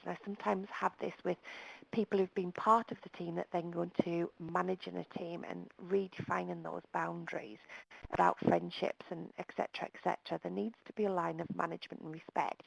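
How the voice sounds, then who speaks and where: A woman's voice: on the low side, vocal fry, low-quality recording. A woman presenting a webinar over the telephone, talking in a direct, plain-spoken and emphatic way. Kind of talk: live webinar talk.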